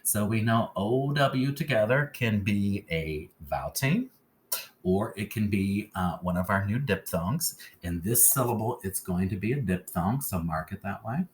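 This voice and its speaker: Male teacher, very low voice, patient phonics lesson, light background hiss. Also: lively intonation, a little slow. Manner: patient, keeps checking in with "okay?".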